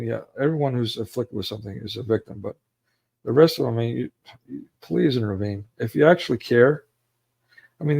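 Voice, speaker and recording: Gravelly-voiced man hosting a livestream. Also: medium pitch, darkish tone. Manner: rambling, preachy, emotional, restarts often. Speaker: livestream host. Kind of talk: livestream commentary.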